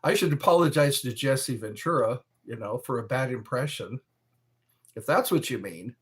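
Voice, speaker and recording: A man chatting casually on a live stream from his bedroom, rambling and defensive with drawn-out phrases. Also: mid-range voice, animated, slightly rough. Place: bedroom at home.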